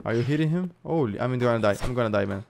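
A man with a Brazilian accent narrates his own gameplay in a mid-range voice. He yells, curses and calls out to other players, his energy constantly jumping. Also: mid-range voice, very fast, vocal fry, a little hiss or hum. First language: Brazilian Portuguese. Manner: excitable, loud outbursts and cursing. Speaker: gaming YouTuber. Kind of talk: live gameplay commentary and voice chat.

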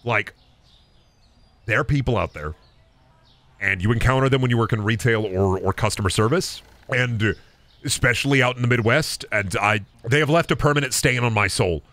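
A young man talks over a game stream in a loose, animated rant, cursing casually as he rambles along. His voice is bright and forceful, sitting right in the middle of the male range. The sound is dry and close, with no room around it. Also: mid-range voice, moderate pace, dry recording. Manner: animated, rambling, swears freely. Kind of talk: ranting livestream commentary.

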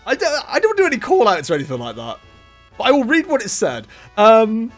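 Speaking briskly in a high voice that swings hugely in pitch, a man streams a card game live. His talk is casual and self-mocking, with frequent laughter. The setup is a desk microphone and webcam, and music plays faintly in the background.

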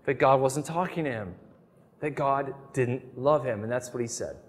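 A man's voice: mid-range voice, normal speed, in a large hall. A middle-aged man giving an earnest, emphatic talk on prayer, telling stories as he teaches. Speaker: Catholic speaker. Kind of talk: sermon-style teaching talk.

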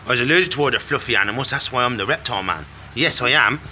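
In his pet shop, a man filming a reptile shop vlog talks very fast with lively intonation and a sharp tone, playfully chatting and baby-talking to the animals. There is slight background noise.

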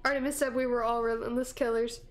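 Brief: giggly woman streamer with a high voice, reading dialogue with playful drama. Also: flat delivery, quick pace. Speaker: gaming streamer. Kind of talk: reading game dialogue aloud in a let's play.

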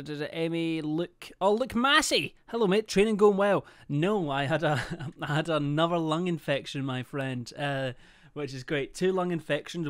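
A young man streaming a game, chatting casually, joking and swearing, and reading out viewers' names in quick bursts. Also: on the high side, clear, resonant tone, no echo, clean studio sound. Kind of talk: casual live-stream chat.

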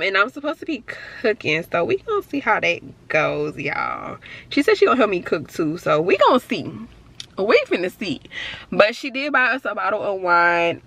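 A woman's voice: lowish voice, creaky, a bit bright. A woman in her twenties from the Bronx, chatting casually to her viewers as a vlogger. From Bronx, New York City. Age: 20s. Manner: chatty, talks straight to viewers with lots of "y'all". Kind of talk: casual vlog narration. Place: store, then car and home at night.

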